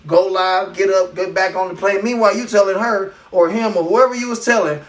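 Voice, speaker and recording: High-voiced guy ranting on a live podcast, profane and fired up, sits a bit back from the mic. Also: brisk, few pauses, recorded from a distance. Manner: animated, profane, incredulous. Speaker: podcast host. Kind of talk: comedic rant on a live podcast.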